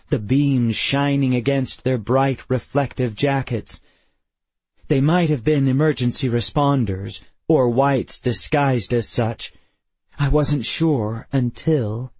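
Slow, husky male audiobook narrator. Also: mid-range voice, a little mellow, no room sound. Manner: measured, unhurried. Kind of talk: first-person audiobook narration. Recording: dry, slightly dull studio.

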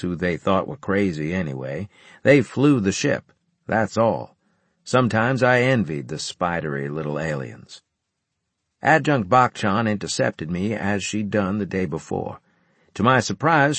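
A man reading a first-person audiobook narration in a measured, wry storytelling manner. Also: on the low side, dry recording.

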